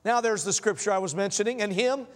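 A man preaches from the pulpit in a church sanctuary with a long hall reverb behind him. His voice sits high for a man. He keeps it folksy, telling stories and asking the congregation questions. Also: fast talker. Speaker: pastor. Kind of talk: sermon.

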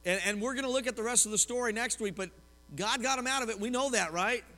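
Fast and lively, a male pastor from Oklahoma, US, preaches a sermon in a bright, high voice. He weaves in personal stories and questions for the congregation, heard through long hall reverb.

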